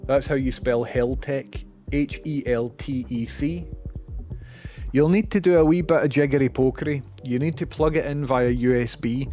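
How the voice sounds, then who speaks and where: A man's voice: medium pitch, darkish tone. A man with a Scottish accent chatting casually on a livestream, rambling, sweary and self-deprecating.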